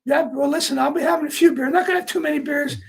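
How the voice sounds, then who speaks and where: A man hosting a casual horse racing betting chat, talking through his picks in a rambling, earnest way, his voice sounding high and squeaky. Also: rapid-fire, vocal fry. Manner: rambling, full of fillers, earnest. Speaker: horse racing handicapper host.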